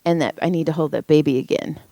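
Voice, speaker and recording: A middle-aged woman co-hosting a podcast, chatting casually and telling animated stories, slipping into voices. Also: low voice, fast talker, dry recording. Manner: animated storyteller, mimics voices. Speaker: podcast co-host. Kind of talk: casual chat.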